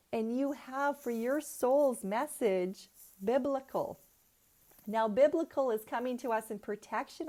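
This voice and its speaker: A middle-aged woman giving a spiritual oracle card reading at an unhurried, deliberate pace. Her voice sits fairly high, and she leans into her words with earnest emphasis, often asking rhetorical questions. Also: darkish tone.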